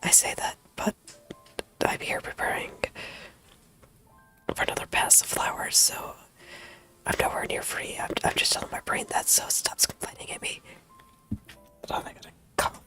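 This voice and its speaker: Girl streamer with no voice left, whispering bright and playful while she draws, mic cranked up close, soft music under it. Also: normal speed, pauses often. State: losing her voice, whispering. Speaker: streamer drawing digital art. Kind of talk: casual chat while drawing. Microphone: high-sensitivity desk mic, close.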